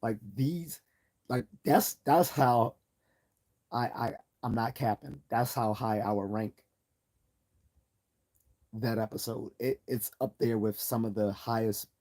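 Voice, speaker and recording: A man's voice: lowish voice, a little mellow. A man hosting a livestream, talking in an earnest, enthusiastic way that rambles with frequent restarts. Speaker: livestream host. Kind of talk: casual livestream commentary.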